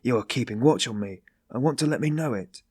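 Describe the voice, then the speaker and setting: A man voicing a feverish, hostile young man who speaks in sharp, accusing outbursts. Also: medium pitch, brisk, husky, no echo, clean studio sound, natural voice.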